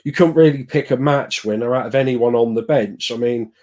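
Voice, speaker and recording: A man with a mid-range voice co-hosts a casual football podcast. He talks in an animated, exasperated way and thinks out loud as he goes. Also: medium pitch, fairly quick. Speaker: podcast co-host.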